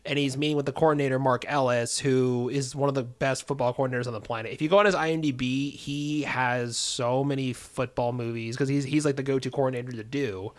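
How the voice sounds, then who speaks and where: Fast-talking excitable man host. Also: medium pitch. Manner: rambling, self-interrupting, laughs often. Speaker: podcast host. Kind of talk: casual chat about movies.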